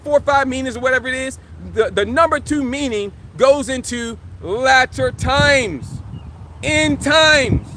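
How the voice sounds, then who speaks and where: A man, teaching scripture live. He talks emphatically, in slangy, repetitive phrases, and walks through each verse line by line. Faint street traffic hums behind him outdoors. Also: very high-pitched. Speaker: religious teacher.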